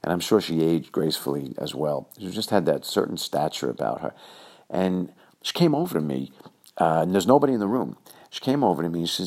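A man's voice: sits low, moderate pace, vocal fry. A man from New York telling a rambling personal story full of fillers and acted-out quotes. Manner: filler-heavy, animated, acts out quoted voices. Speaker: storyteller recalling his youth.

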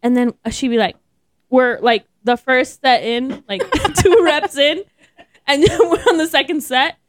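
A young woman co-hosting a podcast, telling gym stories in animated casual chat, laughing and swearing often. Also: high-pitched, measured pace, no room sound, clean studio sound. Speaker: podcast co-host.

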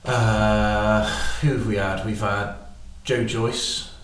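A man's voice: lowish voice, fairly even intonation, slow. Man, distant and echoey. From Bristol, England. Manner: chatty and rambling, with filler and joking asides. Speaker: podcast host. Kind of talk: casual podcast interview. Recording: very echoey, distant mic, noisy room.

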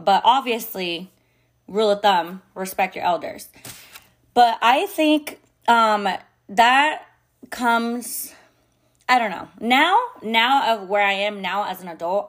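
A woman hosting a podcast and talking candidly and bluntly, with heavy swearing, lots of fillers and Spanish phrases mixed in. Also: medium pitch. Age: adult mother. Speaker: podcast host. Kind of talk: candid casual monologue.

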